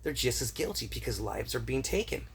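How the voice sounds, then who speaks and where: A man rants at length in an agitated, profane voice, circling back to the same points and asking "right?" again and again. His pitch sits in the middle range. A faint room ambience runs underneath. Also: big pitch swings, a little fast, gravelly, a bit bright, slight background noise. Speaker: vlogger. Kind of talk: rambling conspiracy rant.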